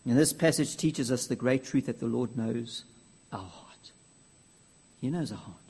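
A man preaching a sermon earnestly, dropping to soft near-whispers and rising to loud declaiming. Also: mid-range voice, measured pace, breathy edge.

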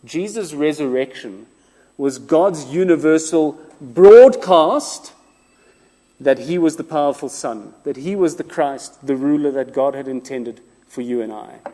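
A man preaching a sermon, with expressive rhetorical repetition and some self-deprecating humor. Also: on the high side, unhurried. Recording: long reverb of a large room.

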